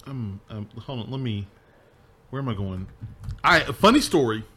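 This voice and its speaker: Male podcast host, bright tone, loose rambling chat with frequent laughs. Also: medium pitch, expressive, normal speed, slightly rough. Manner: laughs often, rambling with restarts. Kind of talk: casual gaming podcast chat.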